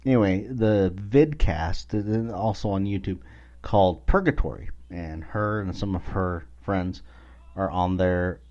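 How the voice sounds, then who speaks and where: A man with a low, darkish voice and measured pace hosts his own podcast. He rambles profanely through a casual monologue thick with filler words, in a dull lo-fi recording.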